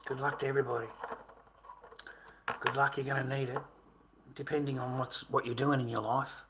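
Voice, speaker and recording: A man's voice: medium pitch, level tone, moderate pace, background noise. Aggrieved Australian man in his fifties. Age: 50s. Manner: aggrieved, swearing, repeats himself. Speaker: vlogger. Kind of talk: rambling monologue to camera.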